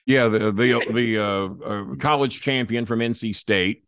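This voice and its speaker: With a medium pitch and a measured pace, this interview guest recounts a lengthy, foul-mouthed story and animatedly mimics each character's voice. His tone is clean, captured in studio quality without any room sound.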